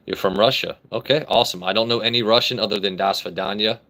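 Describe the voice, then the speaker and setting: A man's voice: on the low side, vocal fry, a bit bright. A man hosting a casual live stream, reading comments aloud, joking brashly and swearing freely. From United States. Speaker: livestream host.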